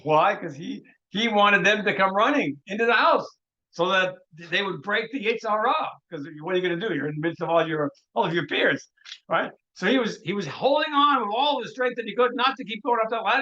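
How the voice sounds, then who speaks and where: A rabbi leads a Torah workshop by telling an animated story, frequently restarting phrases and sprinkling in Hebrew terms. His voice is high and a little fast, and the audio sounds dull.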